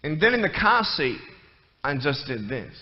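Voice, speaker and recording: A man's voice: fairly high pitch, very animated, normal speed. A man giving a playful, joking talk to a church audience. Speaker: guest speaker. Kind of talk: humorous stage talk. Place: church hall. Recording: echoey hall, muffled, faint noise.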